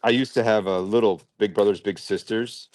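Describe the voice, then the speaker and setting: Low-voiced man chatting on a livestream. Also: steady tone, normal speed, darkish tone, dry recording. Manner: chatty, rambling, thinks aloud while working. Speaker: livestream host sorting and packing toy brick orders. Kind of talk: casual chat while working.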